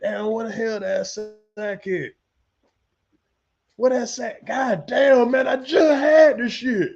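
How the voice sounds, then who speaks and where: A man voicing a frantic, profane male restaurant cook who has lost his stash, in a low voice on a dull, lo-fi recording. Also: slow pace, gravelly, darkish tone, faint music behind, full character voice.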